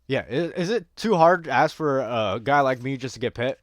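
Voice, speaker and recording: A man's voice: mid-range voice, lively intonation, moderate pace, dry recording, clean studio sound. A man giving casual gameplay commentary, rambling and joking crudely with a lot of swearing. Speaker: gaming streamer.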